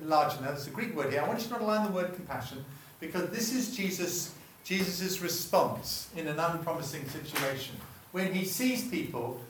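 Chatty preacher in an echoey hall. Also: male voice, fairly high pitch, a bit bright, slight background noise. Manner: chatty, self-interrupting, asks the room questions. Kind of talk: sermon. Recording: echoey room, voice from far off.

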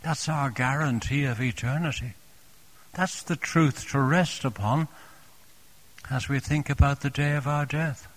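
Speaking to his congregation as dear friends, this male preacher keeps a soft, tender tone and repeats phrases quietly. His pitch is medium and his delivery unhurried.

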